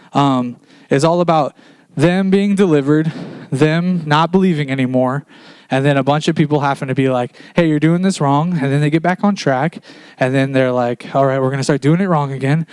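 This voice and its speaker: A man gives a laid-back sermon and retells old stories in plain, slangy talk. His voice sits a little high and comes across smooth and crisp. The sound is close and dry, with little room echo. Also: a little mellow. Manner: casual storytelling, retells scripture in slangy paraphrase. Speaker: preacher. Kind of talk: casual sermon. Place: church.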